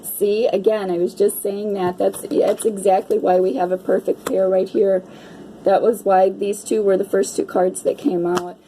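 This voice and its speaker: Chatty female card reader, mellow tone, gushes and swears casually, faint background hiss. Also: mid-range voice, flat delivery, moderate pace, poor audio. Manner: gushing, chatty, peppered with "right?" and mild swearing. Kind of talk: casual card-reading chat to viewers.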